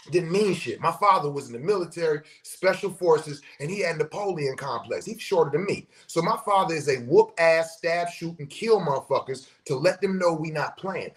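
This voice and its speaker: High-pitched middle-aged guy on a podcast, cussing a lot, telling street stories all animated. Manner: profane, animated storyteller who acts out quotes. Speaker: podcast host. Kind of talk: casual storytelling.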